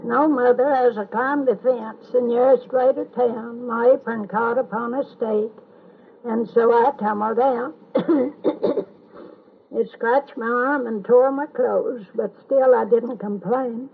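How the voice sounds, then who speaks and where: Old lady saying a poem by heart, real slow, a bit husky, thin tinny home tape. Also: fairly high pitch, fairly even intonation. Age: older. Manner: slow, measured, sing-song recitation. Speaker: family elder reciting a poem. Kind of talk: poem recitation.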